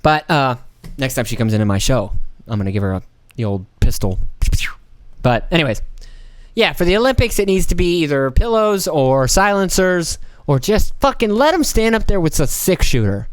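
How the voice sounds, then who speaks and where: A man's voice: on the high side, expressive, moderate pace, clean tone, dry recording, studio quality. Profane rambling man hosting a podcast. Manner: rambling, profane, jokey, puts on mock voices. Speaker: podcast host. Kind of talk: casual solo podcast monologue.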